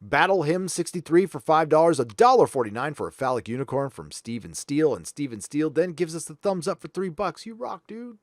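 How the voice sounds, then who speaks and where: A man's voice: fairly high pitch, very animated, fairly quick, few pauses, dry recording, studio quality. A man hosting a livestream, reading viewer donations aloud with blunt, profane, sarcastic asides. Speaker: livestream host.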